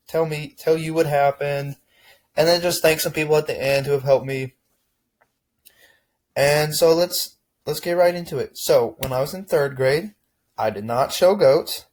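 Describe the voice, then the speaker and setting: Young guy from Texas, laid-back vlogger voice, mid pitch, loose and rambling with plenty of restarts. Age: young adult. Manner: rambling, relaxed, frequent restarts and "man". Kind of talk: casual reflective chat to camera.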